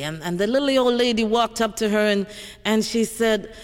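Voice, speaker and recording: A man telling a joke as an unhurried storyteller with small restarts. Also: sits high, clean tone, big-room sound.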